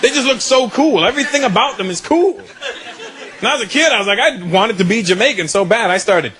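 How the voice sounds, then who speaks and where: A man's voice: high voice, lively intonation, fairly quick. A man doing stand-up comedy in a club, teasing the crowd in a conversational way. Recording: live club set, loud crowd laughter.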